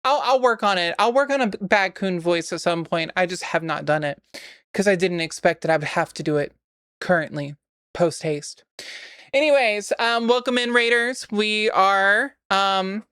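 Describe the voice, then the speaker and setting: A woman's voice: medium pitch, normal speed, a bit bright, smooth, dry recording, studio quality. A woman filling in on a live stream, chatting casually in a rambling, sweary way with a sore throat. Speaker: stand-in streamer.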